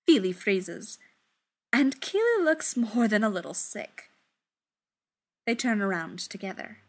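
A woman reading a story aloud in an expressive, unhurried way. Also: medium pitch.

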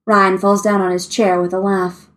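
A woman reading fan fiction aloud with expressive storytelling. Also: mid-range voice, moderate pace. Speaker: story reader.

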